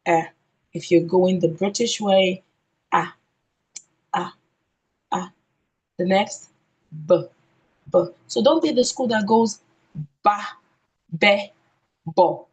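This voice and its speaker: Woman phonics trainer, husky, unhurried, deliberate, repeats sounds for the room. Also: lowish voice, darkish tone, low-quality recording. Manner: slow, deliberate, modelling letter sounds one by one; ends points with a questioning "okay?". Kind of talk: teacher training lesson.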